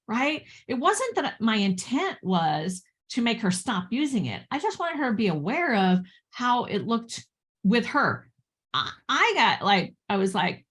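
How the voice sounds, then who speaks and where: A woman's voice: medium pitch, big pitch swings, normal speed, a bit bright. A woman business coach talking casually about communication, chatty, with frequent "right?" and "you know" and laughs between points. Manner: chatty, lots of fillers and tag questions.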